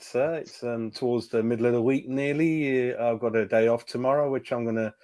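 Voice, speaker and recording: A man's voice: medium pitch, fairly even intonation, fairly quick, warm tone. A man hosting a casual fan talk show, chatty, often repeating words and using fillers. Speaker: host. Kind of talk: casual chat.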